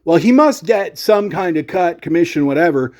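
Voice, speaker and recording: A man telling a casual story as a rant on his gear channel, sarcastic and animated. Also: fairly high pitch, moderate pace, a little hiss or hum.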